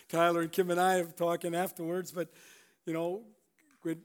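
High-voiced chuckling pastor preaching. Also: male voice, monotone, normal speed. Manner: conversational, chuckles often, rambling restarts. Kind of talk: sermon.

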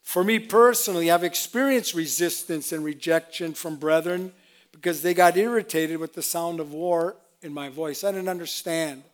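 A man preaching a sermon with fervent delivery, moving between loud exclamations and quiet, self-deprecating asides. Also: a little high, normal speed. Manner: self-deprecating, with laughs and restarts.

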